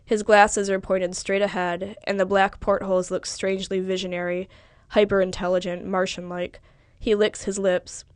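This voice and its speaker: A woman narrating literary fiction in the second person, measured and wry. Her voice is smooth and resonant, set in a dry, close recording with no room echo. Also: mid-range voice, flat delivery. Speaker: audiobook narrator.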